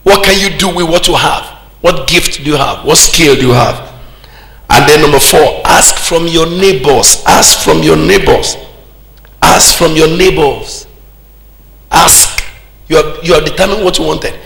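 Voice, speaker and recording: A Nigerian pastor preaching a sermon, older, with sudden shouted peaks and call-and-response to the congregation. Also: male voice, a little high, a little slow, gravelly. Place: church hall. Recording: echoey church hall.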